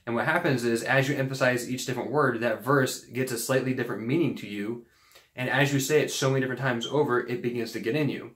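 A man's voice: medium pitch, fairly bright tone. Guy casually teaching about scripture, earnest, lots of um and like, roomy echo. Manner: earnest, rambling, many fillers and restarts. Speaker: Christian video host.

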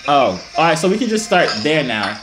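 A man's voice: on the high side, sing-song, fairly quick, noisy background. A man in his twenties making teasing, slangy small talk with strangers on a video chat app. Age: 20s. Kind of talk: casual flirty banter. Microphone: computer or phone mic, video call.

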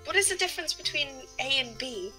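A woman's voice: high voice, lively intonation, brisk, bright, forceful tone, soft background music, poor audio. A young British woman co-playing a game, laughing a lot and exclaiming between casual remarks. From Britain. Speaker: co-player. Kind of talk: casual let's-play chat.

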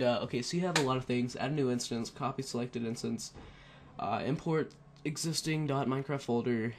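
A man's voice: medium pitch, a little hiss or hum. A man casually talking through a computer tutorial on a headset, rambling with many fillers and self-corrections. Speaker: tutorial narrator. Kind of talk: casual screen-recorded tutorial.

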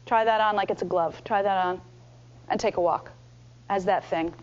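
A woman leading a speaking workshop, coaching the room with energetic instructions and playful demonstrations. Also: mid-range voice, moderate pace. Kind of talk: lively teaching workshop. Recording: dull lo-fi room recording.

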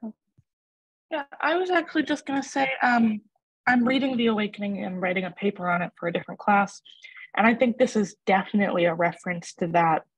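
Husky-voiced young woman student, dry sound. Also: mid-range voice, no room sound, poor audio. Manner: quick, eager. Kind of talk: class discussion.

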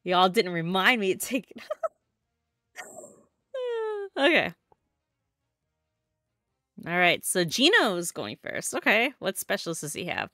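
Bright, chatty young woman streamer. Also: on the low side, big pitch swings, slow pace, pauses often, dry recording, clean studio sound, soft background music. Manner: chatty, giggly, self-correcting. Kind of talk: casual gameplay commentary.

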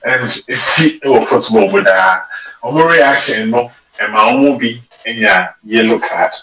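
A man with a Ghanaian accent, talking as a football pundit in an animated studio sports discussion, mixing Twi and English. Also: medium pitch, slow pace, distant mic. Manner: animated, mixes Twi and English mid-sentence. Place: radio studio. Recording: roomy and off-mic radio studio sound.

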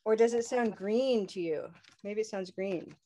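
A woman's voice: mid-range voice, unhurried, dark tone. Upbeat woman leading class chants. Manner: upbeat, leads call-and-response chants. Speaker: English pronunciation teacher. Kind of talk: live online class with chants.

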